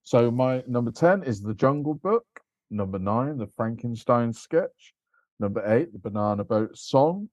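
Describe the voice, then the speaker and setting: Mellow co-host, dry sound. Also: male voice, medium pitch, lively intonation, measured pace, no room sound, highs cut off. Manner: brief, agreeable interjections. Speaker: podcast co-host. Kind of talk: casual podcast chat.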